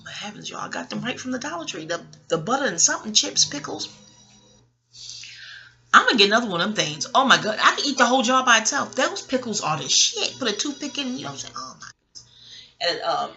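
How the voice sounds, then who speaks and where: A woman's voice: fairly high pitch, very animated, fast, bright, forceful tone. A woman vlogger talking in a blunt, rambling casual monologue, swearing often and drifting into chatty asides.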